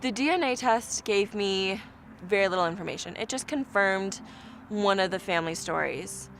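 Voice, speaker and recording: A woman's voice: mid-range voice, normal speed, slight background noise. A woman telling a personal story in an interview, acting out what people said to her. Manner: animated, acts out quoted dialogue.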